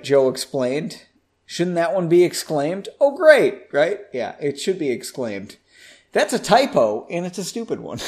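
Playful male storyteller, animated voice. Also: a little high. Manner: playful, jokes and laughs at the text. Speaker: podcast host reading a fantasy story. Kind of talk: story reading with casual asides.

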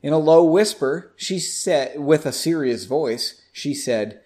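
A man's voice: a little high, animated, slow, hardly any pauses, dark tone. A man hosting a podcast, reading a fantasy story aloud and breaking off for playful joking asides. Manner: playful, jokes and laughs at the text.

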